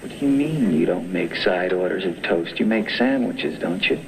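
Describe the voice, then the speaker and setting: A stubborn, sarcastic customer, lower voice, hissy film audio. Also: male voice, lively intonation, normal speed, vocal fry, low-quality recording. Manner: sarcastic and insistent. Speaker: restaurant customer in a film scene. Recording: old film clip with hiss.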